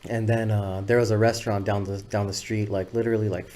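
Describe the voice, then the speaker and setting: A man telling stories as a podcast guest, laid-back and rambling, swearing freely and filling pauses with "uh" and "you know what I'm saying". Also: fairly low pitch, little pitch movement, a little mellow. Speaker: music video director, podcast guest. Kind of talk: casual storytelling interview.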